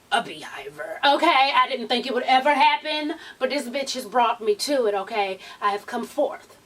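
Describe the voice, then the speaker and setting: Sassy middle-aged lady vlogging, cussing a lot, high husky voice, kinda far from the mic. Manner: animated, profane, sassy. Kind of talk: casual chat.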